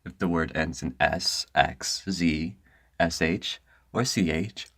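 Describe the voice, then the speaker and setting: A woman's voice: extremely low pitch, slow, fairly bright tone, no room sound, clean studio sound. A woman reading a scripted voice-over narration, often stopping to correct herself and restart lines.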